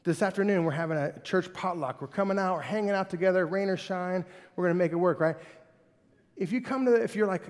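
A male pastor preaching a sermon with animated, conversational delivery that swings between loud and soft. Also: high voice, fast. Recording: hall reverb.

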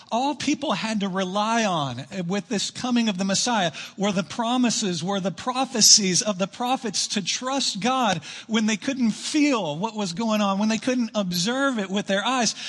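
A man preaching a sermon to his church, emphatic, rushing through asides and slowing down to stress key lines. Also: high-pitched, fairly bright tone, husky. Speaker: pastor. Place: church sanctuary.

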